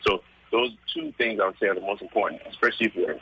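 A man's voice: fairly low pitch, fast talker, sharp tone, slightly rough, lo-fi sound. A man, a former boxer and fitness coach, explaining exercise and diet on a radio show with many "um"s and "right?"s. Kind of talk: casual radio interview.

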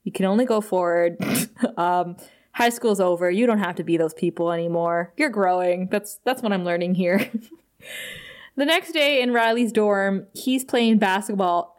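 A woman co-hosting a casual podcast, often laughing and slipping into quick impressions while she retells scenes. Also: mid-range voice. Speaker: podcast co-host. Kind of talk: casual chat recapping a TV episode.

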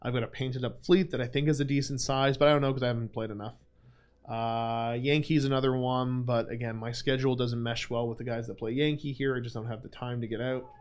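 A man's voice: medium pitch, fairly even intonation, a little fast, a little mellow. Young male stream host, casual Q&A, self-deprecating, filler-heavy. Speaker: livestream host. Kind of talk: casual livestream Q&A chat.

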